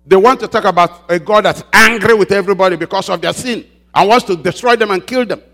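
A man preaching a sermon as pastor, calling out questions for the congregation to answer and slowing down to stress key words. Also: high voice. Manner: call-and-response preaching, prompting the congregation with "what?"; rises and presses louder on key points, slows on emphasized words.

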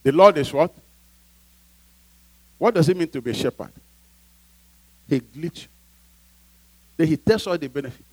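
A man's voice: a little high, lively intonation, normal speed, pauses often, a little mellow, breathy edge, no room sound, low-quality recording. A male pastor preaching a sermon emphatically, often asking the congregation to fill in a word.

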